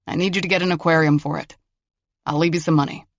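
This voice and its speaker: A man's voice: fairly high pitch, fairly even intonation, quick pace, no echo, dull audio, close to an everyday voice. A man voicing a wry, exasperated federal agent in an audiobook, speaking in a dry way.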